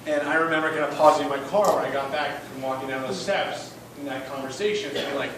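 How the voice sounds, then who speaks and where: A man's voice: on the high side, fairly even intonation, quick pace, hardly any pauses. A man who is a school principal, telling an emphatic story at a fundraiser and often asking "right?". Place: event room. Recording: echoey room, distant mic, noisy.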